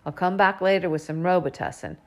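A woman's voice: on the low side, fairly even intonation, brisk, natural voice. A woman voicing a folksy, easygoing middle-aged father who talks to his daughter in a coaxing way. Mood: hushed instructions.

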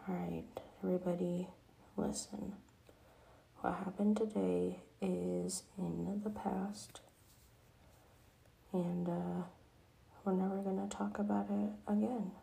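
A woman's voice: fairly low pitch, creaky, warm tone, heavily acted. A woman doing a weary grumbling dad, whispered role-play. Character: dad, tired grumpy cook.

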